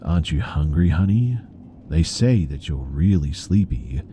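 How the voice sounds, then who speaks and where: A man voicing an unhinged woman passenger in a horror story, eerily soft and sing-song. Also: a bass voice, animated, unhurried, a little hiss or hum. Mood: eerie coaxing.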